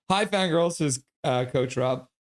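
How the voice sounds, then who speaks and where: A man hosting a live hockey stream, calling play-by-play and reading chat aloud, excitable and prone to chanting and yelling. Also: a little high, a little slow.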